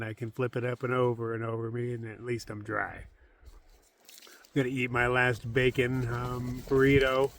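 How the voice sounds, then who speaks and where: A man's voice: mid-range voice, slight background noise. Rambling hiker man talking from his hammock. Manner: rambling, self-deprecating, often trails off into a mumble. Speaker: solo thru-hiker vlogger. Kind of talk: casual outdoor vlog monologue. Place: in a hammock camp in a forest, outdoors.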